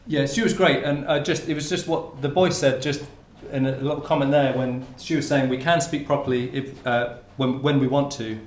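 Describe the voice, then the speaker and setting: Giving an informal talk at a conference, a university researcher from Hertfordshire speaks at normal speed, hardly pausing, in a mid-range voice with fairly even intonation. He restarts sentences a lot and leans on fillers. The sound is roomy, typical of a lecture room, with slight background noise.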